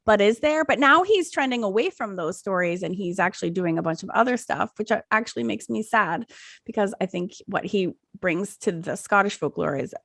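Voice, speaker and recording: A middle-aged woman co-hosting a podcast in casual chat, rambling and animated with many restarts. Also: medium pitch, fairly quick, gravelly, dry recording, clean studio sound. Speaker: podcast co-host.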